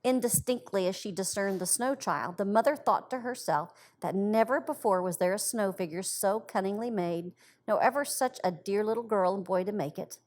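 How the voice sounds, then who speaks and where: A woman's voice: medium pitch, normal speed. Woman reading a story aloud. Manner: expressive, gentle storybook delivery. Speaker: library storyteller.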